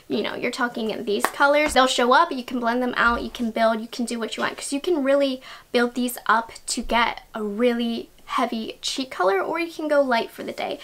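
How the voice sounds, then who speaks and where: Young woman, high voice, chatty, enthusiastic, casual beauty review. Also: fairly bright tone. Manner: chatty, enthusiastic, laughs at herself.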